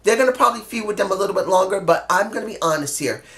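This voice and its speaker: A man's voice: high voice, racing, sharp tone. Blunt, profane man ranting a review. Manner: blunt, profane, heated, repeats himself for emphasis. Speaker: wrestling show reviewer. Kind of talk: opinionated solo review rant.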